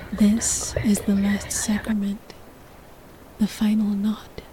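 Woman storyteller, whispered role-play, slow and breathy, even-toned. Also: mid-range voice, a little hiss or hum, poor audio. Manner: slow, hushed, breathy second-person narration.

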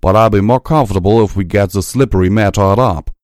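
A man's voice: lowish voice, brisk, darkish tone, no echo, clean studio sound, lightly acted. A man voicing a fiery, blunt farm pony mare who speaks in a brash, pushy way. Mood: agitated.

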